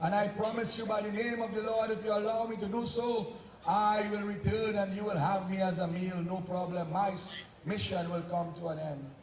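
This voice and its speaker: A man voicing a gentle devoted hero who pleads politely in a devotional story. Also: high-pitched, steady tone, moderate pace, roomy sound, far from the mic, a little hiss or hum, natural voice, low-quality recording.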